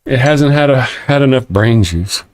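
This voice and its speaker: A man's voice: medium pitch, lively intonation, measured pace, a little hiss or hum. A middle-aged man with a Texas accent hosting a live-stream morning show, rambling and self-mocking as he reads viewer comments and laughs often. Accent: Texan.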